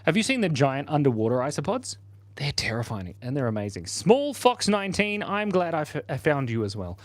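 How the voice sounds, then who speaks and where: A goofy, easygoing man in his forties hosts a live drawing stream and banters with his chat. His talk is loose, chatty and playful, and his voice sits at an ordinary middle pitch. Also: very animated, fairly quick, no echo. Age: 40s. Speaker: livestream host. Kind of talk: casual livestream chat while drawing.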